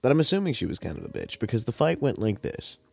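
A young man hosting a podcast, telling stories in a rambling, laid-back, profane way while high, with cotton mouth. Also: wildly swooping pitch, quick pace, gravelly, a little mellow, breathy edge, no room sound. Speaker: podcast host. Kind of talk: casual storytelling monologue.

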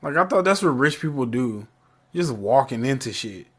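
A man casually recapping a show episode, animated and acting out characters' lines as he tells it. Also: mid-range voice, normal speed, husky. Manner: animated, acts out lines in character voices, laughs often. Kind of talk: casual reaction chat.

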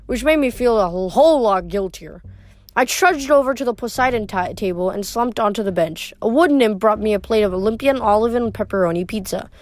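Woman reads a chapter book aloud, trips on words now and then, middle pitch. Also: fairly quick, a little mellow, no room sound. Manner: unpolished reading with frequent slips and restarts. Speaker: reader. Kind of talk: reading a novel aloud.

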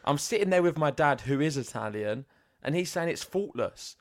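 A man's voice: a little high, animated, normal speed, no room sound, studio quality. A man co-hosting a podcast, talking about tennis in an emphatic, building way. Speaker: podcast co-host. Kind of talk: casual tennis chat.

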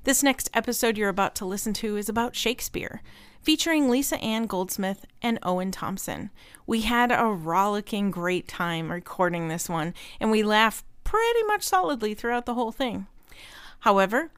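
A young woman co-hosting a podcast in easy, casual chat. She giggles often between her words. Her voice sits at an ordinary middle pitch and sounds dry and close, with no room echo. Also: animated, moderate pace, clear, resonant tone. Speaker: podcast co-host.

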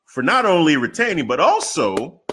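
A man co-hosting a podcast, telling stories in a loose, slangy, animated way. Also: fairly high pitch, moderate pace, background noise. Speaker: podcast co-host. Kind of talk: casual chat.

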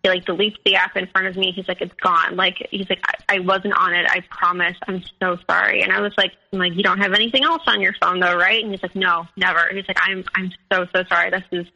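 Woman, young adult, podcast guest, rambling candid story, quotes others, bright voice. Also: fairly low pitch, steady tone, quick pace, vocal fry, few pauses, highs cut off. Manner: candid storytelling with many fillers, quoting others. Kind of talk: personal story in interview.

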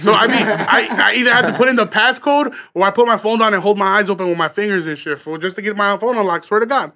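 A young man in his twenties tells a rowdy story in casual chat, his voice high and bright. He talks animatedly, swears freely, and laughs his way through the telling. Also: quick pace. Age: 20s.

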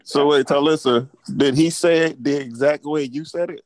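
A man's voice: a little high, normal speed, dry recording. A man co-hosting a podcast, telling a casual, slangy story as he chats over a call. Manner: laid-back slangy storyteller. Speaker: podcast co-host.

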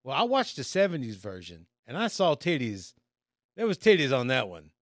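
A man who is a guest on a comedy podcast, telling stories in animated, casual chat and quoting others. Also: medium pitch, moderate pace, no room sound, studio quality. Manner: animated storytelling with quoted voices.

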